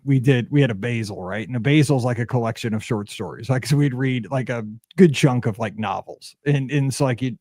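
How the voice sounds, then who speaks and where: A man hosting a podcast, chatting casually as a rambling, animated storyteller full of fillers. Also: mid-range voice, no room sound, clean studio sound. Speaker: podcast host.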